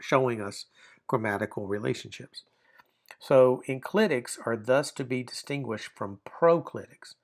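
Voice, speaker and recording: A man teaching a grammar lesson, explaining step by step with frequent fillers and restarts. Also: mid-range voice. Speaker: Bible language teacher. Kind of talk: classroom grammar lecture.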